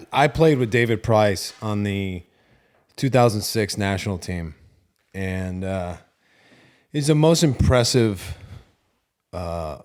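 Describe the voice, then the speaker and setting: A man in his thirties with an American accent, a former player co-hosting a sports podcast, speaking in a measured, halting way with many fillers. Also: fairly low pitch. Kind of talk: casual sports chat.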